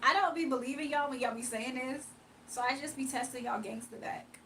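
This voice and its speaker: Playful young woman streamer, higher voice. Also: fairly quick, fairly bright tone, a little hiss or hum, poor audio. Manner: playful, laughs often, reads chat aloud. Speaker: livestream host. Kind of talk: casual livestream chat reading comments.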